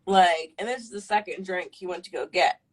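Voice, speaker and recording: A woman's voice: lowish voice, fairly quick, poor audio. A woman in her twenties on a live stream, telling a personal story in a casual, rambling way, full of fillers and swearing. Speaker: livestream guest.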